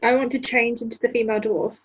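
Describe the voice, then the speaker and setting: Giggly woman player with a husky voice. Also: a little high, little pitch movement, fast, dull audio. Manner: giggly, apologetic, playful. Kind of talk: playing a tabletop game.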